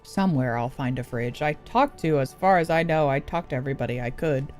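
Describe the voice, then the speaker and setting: A woman's voice: extremely low pitch, brisk, darkish tone, soft background music. A woman streaming a video game, chatty and giggly, thinking aloud. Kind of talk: casual game commentary.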